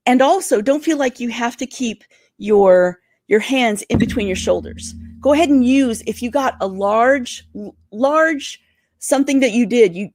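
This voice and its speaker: A woman career coach giving interview tips in a livestream, talking fast and excitedly. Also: on the high side, no room sound, studio quality. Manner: energetic, talks fast and excitedly.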